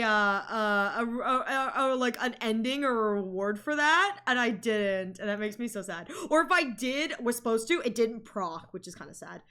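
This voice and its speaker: A young woman streaming a video game, reading its text aloud and reacting with excitable, dramatic outbursts. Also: on the high side. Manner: excitable, laughing, dramatic shouts.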